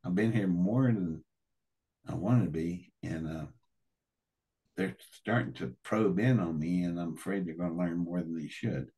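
Deep husky older man telling a story. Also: measured pace. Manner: animated, acts out quoted dialogue, swears. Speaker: interview guest. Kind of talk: emotional first-person storytelling.

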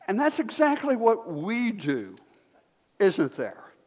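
A male pastor preaches a sermon, telling a story and putting questions to the congregation. His voice sits a little high, and his pitch swoops wildly while he speaks slowly. The long reverb of the church sanctuary hangs around every word.

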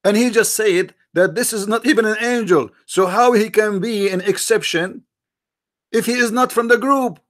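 A man's voice: high-pitched, normal speed, a bit bright. A man hosting a live-streamed religious debate, speaking with a mocking, argumentative tone, firing rhetorical questions at his viewers in non-native English grammar.

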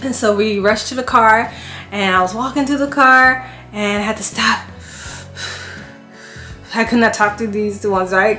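Animated woman telling a story in an echoey room. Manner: animated, acts out quotes with big pitch jumps. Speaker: family vlogger. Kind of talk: casual storytelling to camera. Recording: echoey room with faint music.

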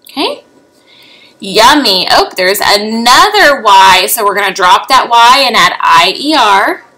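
A woman's voice: on the high side, expressive, a little slow, sharp tone, rough recording. A young adult woman teacher giving a remote lesson to young children, patient, with frequent rising "okay?" checks.

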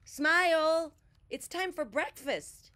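A woman voicing a gentle, lonely male bear in a storybook reading, calling out in a raised, high voice. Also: sing-song, slow pace.

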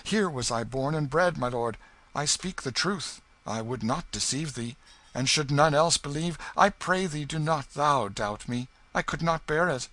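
A man reading aloud gives a passionate young knight, his voice lifted high above the narrator's own and ringing loud. He declaims in archaic phrases and swings between outcry and pleading. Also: expressive, unhurried. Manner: exclamatory, archaic speech, rising to anguish. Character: impassioned young male knight, homecoming soldier.

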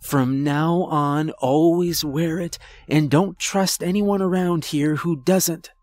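A fierce, protective old grandmother from a spoken horror story, put on by a man narrator. Her voice sits a touch higher than his own and presses with urgency. The sound is close and dry. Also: fairly even intonation, takes it slowly, a little mellow, no room sound. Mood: urgent. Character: worried old Irish-born grandmother, fierce.

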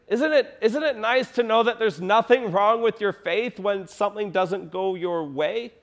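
A man's voice: sits high, a little slow, hardly any pauses. A man preaching a sermon to his congregation, retelling a story with acted-out quotes and repeating key lines for emphasis. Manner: addresses the congregation directly. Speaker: pastor.

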